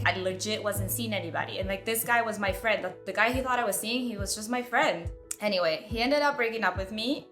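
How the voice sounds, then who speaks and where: A woman's voice: mid-range voice, moderate pace, a bit bright, faint music behind. A woman hosting a self-development video, telling a personal story in a candid, chatty way full of "like.". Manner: candid, chatty, heavy use of "like".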